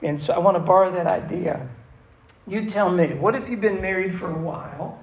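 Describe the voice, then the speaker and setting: Pastor, male, higher voice with some gravel, chatty and questioning, big echoey room. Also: normal speed. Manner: conversational, questioning the audience, repeats himself. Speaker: pastor teaching a church class. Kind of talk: interactive sermon. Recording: roomy echo with faint room noise.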